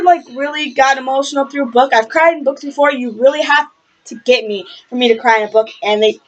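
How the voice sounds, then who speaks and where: Young woman, book vlog, passionate, rambling, fillers, fairly high voice, muffled lo-fi recording. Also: brisk. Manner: gushing, rambling, lots of fillers; passionate, swears casually. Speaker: book reviewer. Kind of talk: casual book review vlog. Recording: lo-fi webcam audio.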